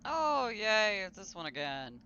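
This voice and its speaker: A man's voice: sits high, big pitch swings, a little slow, pushed and bright, smooth, highs cut off. A man streaming a video game live, talking to himself in an exasperated, grumbling way. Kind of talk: live gameplay commentary.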